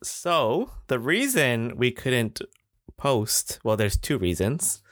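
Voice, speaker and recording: A man's voice: medium pitch, big pitch swings, takes it slowly, fairly bright tone, no echo. Dry, close-miked rambling male podcaster. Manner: rambling, laughing storyteller. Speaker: podcast co-host. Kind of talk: casual chat.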